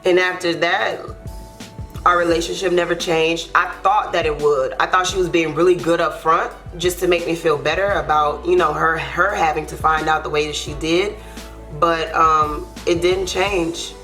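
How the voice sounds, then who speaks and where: Earnest young woman, lowish voice. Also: steady tone, moderate pace, fairly bright tone, faint music behind. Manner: earnest, heartfelt, loose with fillers like "like" and "you know". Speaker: YouTube co-host. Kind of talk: emotional storytime.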